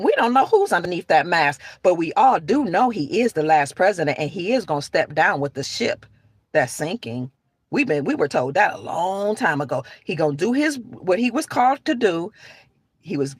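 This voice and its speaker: A woman's voice: on the low side, slightly rough, no echo. Preachy, emphatic woman on a dry mic. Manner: emphatic, rambling, preachy, with restarts. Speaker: online commentator. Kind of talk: talking-head rant to camera.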